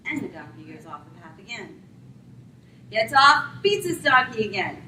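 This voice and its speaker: Woman preaching, high bright voice, roomy sound, a bit far from the mic. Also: slight background noise. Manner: lively, acts out characters in quick voices. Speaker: speaker retelling a Bible story. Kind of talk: storytelling sermon talk.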